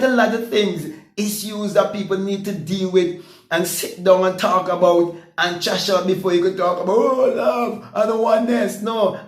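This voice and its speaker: A man preaches his views in an emphatic, repetitive monologue. His voice sits high for a man, and he keeps checking in with "okay?" as he talks. The recording carries a roomy echo. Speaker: vlogger.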